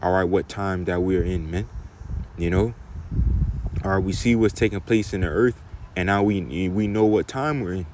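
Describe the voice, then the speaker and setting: A man teaching from scripture, often ending phrases with "man" and "okay?", slowing down to read verses with emphasis. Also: deep voice, a little hiss or hum. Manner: repeats "man" and "okay?" as tags, reads verses slowly and loudly. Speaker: preacher.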